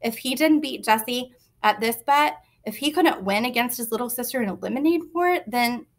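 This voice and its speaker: Woman reader, lively storybook narration, slightly high voice. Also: moderate pace.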